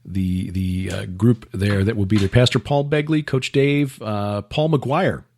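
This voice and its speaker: A man's voice: lowish voice, measured pace, a little mellow, a little hiss or hum. A man hosting a podcast, chatting casually about upcoming events with many fillers and restarts. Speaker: podcast host. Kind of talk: casual chat.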